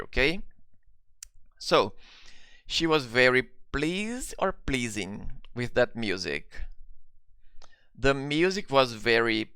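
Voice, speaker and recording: A man's voice: mid-range voice, a bit bright, clean tone, no room sound. A man teaching a live online English lesson, patiently explaining step by step and often checking in with his students.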